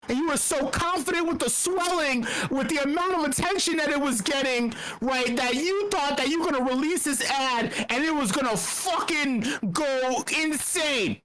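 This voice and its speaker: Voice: high-pitched, fairly bright tone, rough recording. A meetup host ranting in casual commentary. They ramble, swear and stammer through repeated words, with a sarcastic, irreverent edge.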